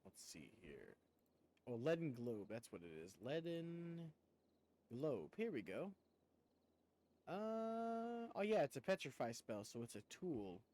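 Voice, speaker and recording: A man's voice: medium pitch, sing-song, slow, darkish tone. A man streaming a game, chatting casually with viewers in a rambling way and laughing often. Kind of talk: casual chat while gaming.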